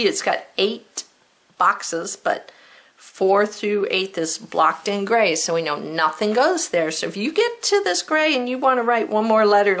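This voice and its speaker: Slow, patient woman teaching spelling. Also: mid-range voice, a bit bright. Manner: patient, slow and encouraging, stretching out word sounds. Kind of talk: recorded spelling lesson for children.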